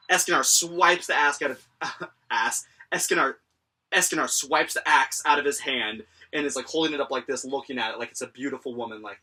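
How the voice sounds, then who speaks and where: A man's voice: mid-range voice, fairly quick, pushed and bright. A young man casually recapping and reviewing an anime episode, rambling with lots of fillers and chuckles.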